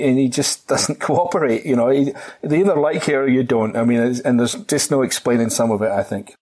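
A man's voice: mid-range voice, slightly rough. A man in casual conversation who stumbles and restarts as he agrees and shares his view. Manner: hesitant, restarts often, warm agreement. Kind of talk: casual chat.

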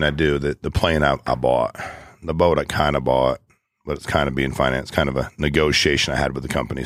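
A man in his forties with a very low voice, chatting in an interview. He rambles, restarts and speaks bluntly in casual slang. The sound is dry and close to the mic. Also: no echo. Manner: rambling, blunt, drops into slang like "dude" and "ain't". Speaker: guest, business owner.

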